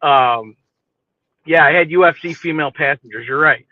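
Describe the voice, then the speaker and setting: Guy with a higher voice telling a story, swears a lot, sounds thin like it's over a phone. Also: moderate pace, dry recording, highs cut off. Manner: profane, animated, keeps asking "you know what I mean". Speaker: podcast host telling a story. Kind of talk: casual storytelling chat.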